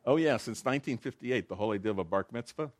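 A man's voice: medium pitch, lively intonation, quick pace, dry recording, studio quality. A man giving informal, conversational Bible teaching, telling jokes along the way. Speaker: preacher.

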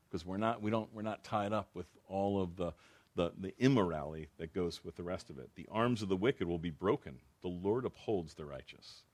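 A man's voice: sits low, darkish tone. A man preaching as a pastor, reading Bible verses and explaining them in a conversational way, often repeating phrases and restarting sentences.

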